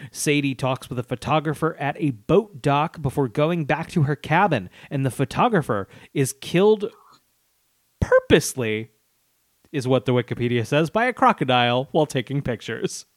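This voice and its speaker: A man co-hosting a laid-back podcast, his pitch rising and falling freely as he talks. He reads out a plot summary and breaks off for jokes and laughter. The sound is dry and close, with no room around him. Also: expressive, brisk, few pauses, no room sound. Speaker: podcast co-host. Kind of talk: casual podcast chat.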